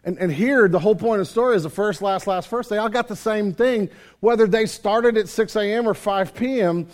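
A man preaching a sermon, telling a parable with animated storytelling and acting out the characters. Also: high-pitched, brisk. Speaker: pastor.

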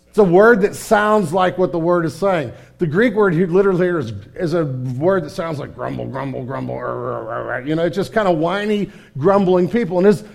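A man preaching a sermon in a candid, conversational way, often restarting his sentences and swinging from hushed and somber to loud and animated. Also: high-pitched. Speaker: pastor.

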